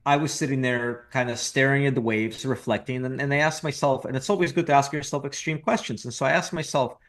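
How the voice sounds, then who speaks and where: A man's voice: mid-range voice, steady tone, fast talker, a bit bright. Reflective Russian-born man, guest talk. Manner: reflective, repeats words, dry joking. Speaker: guest, real estate investor. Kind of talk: casual interview talk.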